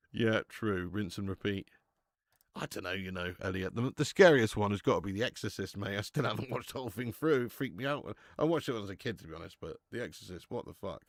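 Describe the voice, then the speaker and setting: A man's voice: lowish voice, fast, vocal fry, no echo. Casual man streaming, dry sound. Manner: casual, chatty, swears, reads out viewer messages. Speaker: football watch-along streamer. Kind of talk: live watch-along chat.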